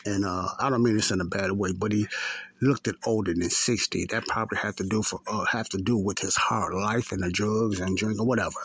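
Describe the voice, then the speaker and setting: A man's voice: fairly low pitch, fairly even intonation, brisk, fairly bright tone, breathy edge, no echo. A man, hosting a faith podcast and telling a story in a rambling, repetitive way. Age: 50s. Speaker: podcast host. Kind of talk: casual spoken testimony.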